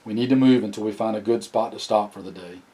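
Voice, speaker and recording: A man reading the part of a weary, capable soldier leading a family, calm and reassuring in an audiobook. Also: fast, natural voice. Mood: steady. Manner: calm, low-key, reassuring.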